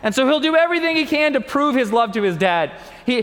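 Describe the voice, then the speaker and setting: A man's voice: very high-pitched, fast, fairly bright tone. A male pastor preaching a sermon, emphatic and repetitive, building each point in a series of phrases. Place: church sanctuary. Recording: long hall reverb.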